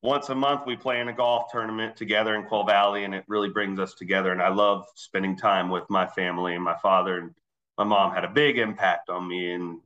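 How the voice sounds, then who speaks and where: Man, swim coach guest, relaxed storytelling, bright voice, slightly dull lo-fi sound. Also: low-pitched, a little fast. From Philadelphia area, raised in Texas. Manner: easygoing storytelling with fillers. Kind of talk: casual podcast interview.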